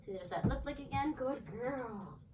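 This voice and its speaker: A woman dog trainer with a high voice and lively intonation speaks at a normal speed at home, explaining a demo and praising her dogs in upbeat bursts. Her voice sounds distant, with faint background noise.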